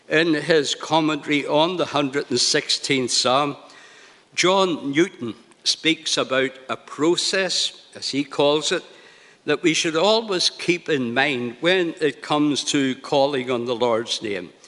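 A man preaching a sermon in a slow, deliberate, emphatic way. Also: fairly high pitch, sharp tone, in a large hall.

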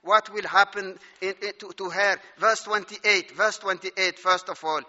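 Guy preaching slow and high, long echo, kinda muffled recording. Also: fairly even intonation, bright, forceful tone. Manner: slow, emphatic preaching with scripture readings. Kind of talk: sermon. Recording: dull sound with long hall reverb.

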